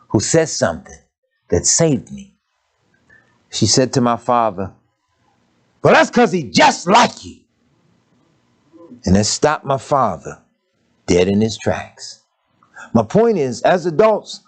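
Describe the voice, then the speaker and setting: Preaching in a storytelling style, an older man lets his pitch leap widely between his own delivery and brief imitations of his parents and grandmother. His tone is darkish and husky.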